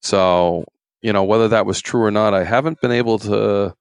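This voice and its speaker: A man's voice: lowish voice, normal speed, clear, resonant tone. A man, a former game warden, telling stories in a rambling, folksy way with many fillers. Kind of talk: casual storytelling interview.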